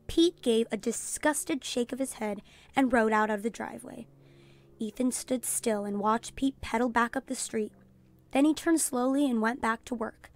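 A woman teacher reading a children's storybook aloud in a calm storytelling voice, announcing page numbers. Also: a little high, moderate pace. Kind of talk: children's read-aloud narration.

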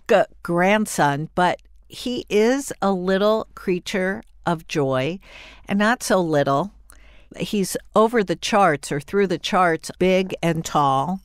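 Older woman, podcast host, chatty and effusive, lowish voice, dry close mic. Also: clear, resonant tone, dry recording. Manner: chatty, animated and warmly effusive. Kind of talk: solo podcast monologue.

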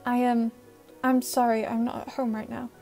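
Woman reading tearful teenage girl, quiet, halting, fairly high voice, audio fan fiction. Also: little pitch movement, faint music behind, close to an everyday voice.

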